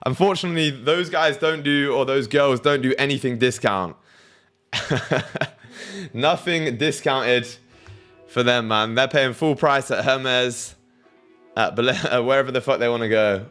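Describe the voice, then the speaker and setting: A man's voice: medium pitch, a little slow, pauses often, fairly bright tone, soft background music. A young man hosting a trading livestream, talking loosely and crudely while reading out viewers' messages. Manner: loose, crude, reads chat aloud. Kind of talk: casual livestream chat.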